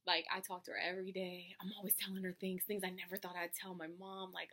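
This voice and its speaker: A young woman, a college student, giving a heartfelt award speech with an emotional, earnest manner, often restarting and letting words trail off softly. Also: fairly low pitch, quick pace. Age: young adult.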